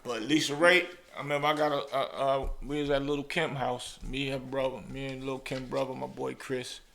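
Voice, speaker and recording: A man's voice: medium pitch, moderate pace, vocal fry. A male podcast host telling casual stories and acting out voices in his anecdotes. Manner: animated, acts out voices in anecdotes. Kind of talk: casual storytelling chat.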